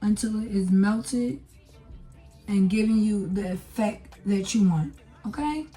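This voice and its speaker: A woman's voice: mid-range voice, slow pace, dark tone, soft background music. A young woman chatting casually through a makeup tutorial, talking to viewers with lots of fillers as she works. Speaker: beauty vlogger.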